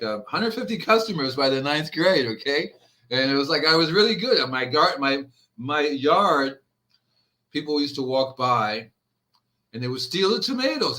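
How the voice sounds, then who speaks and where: An older man tells stories as a podcast guest, rambling and animated, acting out the people he quotes. His voice is bright and sits a bit high for a man. His pitch swings widely from line to line. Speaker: podcast guest, organic gardener. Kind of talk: casual storytelling.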